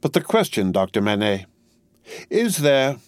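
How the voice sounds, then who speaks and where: A man's voice: mid-range voice, big pitch swings, unhurried, no room sound, voice pushed up. A man reading an audiobook, voicing a brusque, fiercely patriotic middle-aged Englishwoman with a fussy, emphatic manner. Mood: indignant, fussy. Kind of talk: audiobook character voice.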